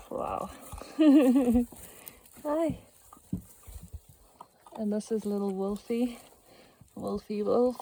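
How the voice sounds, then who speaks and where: Slow, gravelly woman vlogging outdoors. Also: mid-range voice, warm tone, slight background noise. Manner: chatty, baby-talks to pets. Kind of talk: casual vlog narration. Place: outdoors at a rural house and garden.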